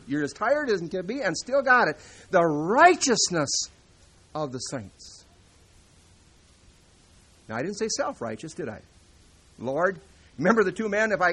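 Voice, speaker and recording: Bright-voiced man preaching with swelling emphasis. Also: a little high, husky. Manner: swings from hushed to loud emphatic reading. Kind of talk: sermon.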